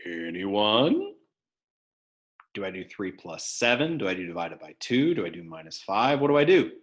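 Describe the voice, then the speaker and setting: A male math teacher teaching an online class, dropping his voice low and then bursting out loud to wake students up, on a computer mic. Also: wildly swooping pitch, moderate pace. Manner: shifts from hushed to sudden loud bursts. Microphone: computer mic on a video call.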